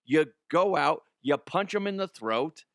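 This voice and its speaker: A man delivers comic sports news with blunt, crude jokes. His voice sits somewhat high for a man. The sound is dry, with no room around it. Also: animated, measured pace, vocal fry, a bit bright, no echo. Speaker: host. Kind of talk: comedic sports news commentary.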